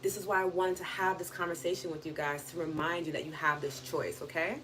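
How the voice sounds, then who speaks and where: Earnest low-voiced woman hosting a live. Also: fairly even intonation, brisk, a bit bright, a little hiss or hum. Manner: earnest, reflective, lots of "like" and "just"; acts out inner voices in quoted asides. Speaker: wellness live-stream host. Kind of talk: casual live-stream talk.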